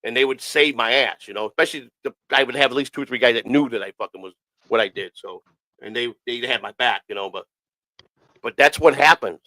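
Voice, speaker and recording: A man spins a loose, profane story at a rapid clip, circling back and repeating lines as he goes. His voice sits in a middle pitch, and the recording is dry and close with no room sound. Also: bright, forceful tone, no echo, rough recording. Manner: profane, rambling, repeats himself. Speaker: podcast host. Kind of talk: casual storytelling.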